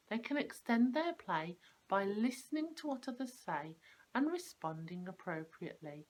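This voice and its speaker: A preschool teacher with a lowish voice explains classroom activities to parents, speaking clearly and slowly and stressing the sounds of words. The recording is rough.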